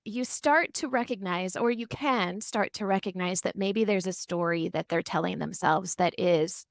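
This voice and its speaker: A middle-aged woman therapist, a guest on a podcast interview, telling stories and acting out the quotes with lively animation. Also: on the low side, normal speed, vocal fry, no echo, clean studio sound. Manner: animated storytelling, acts out quotes. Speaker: family and marriage therapist, guest.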